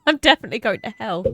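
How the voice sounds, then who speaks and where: Woman cry-laughing, high and lively. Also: no echo. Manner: helpless giggling, cry-laughing. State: teary from laughing. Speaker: streamer playing an HR rep. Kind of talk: live-streamed roleplay chat.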